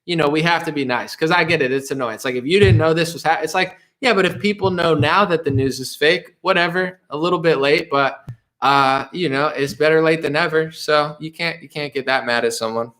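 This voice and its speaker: A young guy hangs out with his stream's chat, rambling, laughing often, restarting lines, and imitating voices, with plenty of "bro" and "dude" thrown in. His voice sits slightly high and a bit bright, and he talks a little fast.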